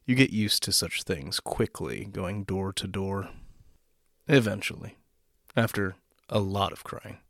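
A man hosting a story podcast, reading a short story aloud after relaxed, self-deprecating remarks. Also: lowish voice, no room sound, clean studio sound. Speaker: podcast host and narrator.

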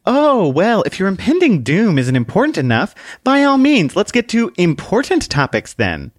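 A man's voice: a little high, sing-song, a little fast, fairly bright tone, dry recording, clean studio sound, voice pushed up. A man voicing a sassy, condescending little female book who lectures bluntly.

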